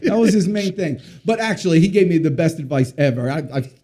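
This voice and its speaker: A high-pitched man with a very lively delivery, swinging widely as he jokes and tells stories. His tone is mellow rather than bright. He is a podcast guest in casual interview chat. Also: fairly quick. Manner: animated, joking storyteller. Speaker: podcast guest, company executive.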